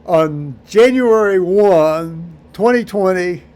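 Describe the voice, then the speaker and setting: A man rambling through a solo vlog monologue, halting with many fillers and restarts, with dry dark humor. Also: high voice. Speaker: vlogger.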